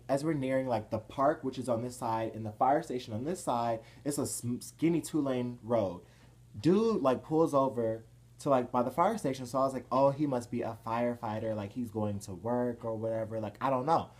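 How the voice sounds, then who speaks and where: Excitable young man telling a story. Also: medium pitch. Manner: excitable, fast shifts from hushed to loud, filler-heavy, swears freely. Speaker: vlogger. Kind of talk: casual storytelling to camera.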